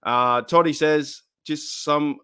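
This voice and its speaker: A man's voice: fairly high pitch, slow pace, bright, forceful tone, clear, resonant tone. An Australian man hosting a live sports podcast, fired up and rambling as he reads chat comments aloud. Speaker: podcast host.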